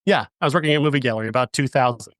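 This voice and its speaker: A man's voice: mid-range voice, no echo. A man hosting a movie review podcast who talks with eager enthusiasm, stumbling over restarts as he praises a film. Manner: enthusiastic, halting, with many fillers and restarts. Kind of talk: casual review chat.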